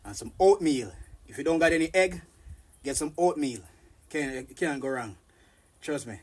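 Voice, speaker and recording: A man's voice: a little high, expressive, normal speed, darkish tone. A man with a Jamaican accent, chatting loosely with viewers on a live workout stream from outdoors, greeting them by name. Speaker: fitness streamer. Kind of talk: casual live-stream chat. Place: outdoors in the countryside.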